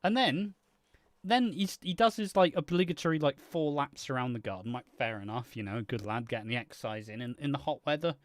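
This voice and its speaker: Young british guy rambling and cursing, bouncy pitch, dry close sound. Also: expressive, a little fast, no echo. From Britain. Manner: rambling storyteller, swears a lot. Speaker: co-host of a soap opera channel. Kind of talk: live stream casual chat.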